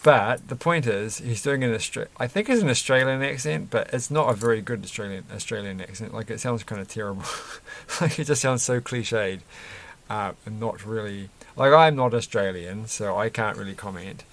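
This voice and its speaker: A man's voice: fairly low pitch, moderate pace, fairly bright tone. A man chatting casually and rambling while building a Lego set, often chuckling and correcting himself.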